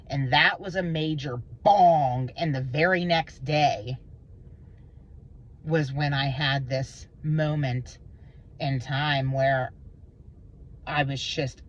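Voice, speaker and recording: A woman speaks slowly in a lowish voice, rambling through an intense, emotional monologue peppered with swearing. The recording is dull and lo-fi, with a faint room hiss behind her. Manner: intense, rambling, swearing, swings between low and high pitch. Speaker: vlogger.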